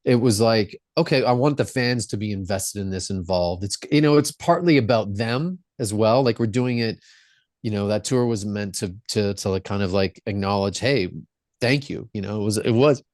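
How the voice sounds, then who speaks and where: A man's voice: on the low side, normal speed, a little mellow, dry recording, studio quality. A man who is a rock singer, the guest on a podcast, telling stories in an earnest, reflective way. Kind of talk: casual interview storytelling.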